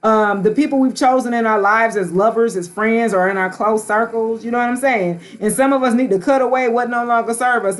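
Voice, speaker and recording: A woman tarot reader hosting a live stream, talking casually and slangily straight to her viewers. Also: fairly high pitch.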